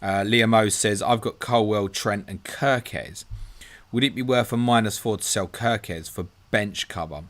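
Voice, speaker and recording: With a fairly low, unhurried voice, a live-stream host chats casually. He reads viewers' questions and messages out loud, answers them, and calls people "mate."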